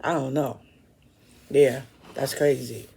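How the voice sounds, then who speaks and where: A man's voice: mid-range voice, fairly even intonation, slow, creaky, warm tone. A man giving laid-back reaction commentary to viewers. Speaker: reaction host.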